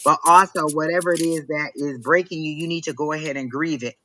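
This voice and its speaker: A man's voice: on the high side, fairly even intonation, a little fast, sharp tone, slight background noise, low-quality recording. A man giving a live psychic reading, emphatic and repetitive as he urges the listener on. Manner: emphatic, repetitive, preachy encouragement. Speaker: psychic reader.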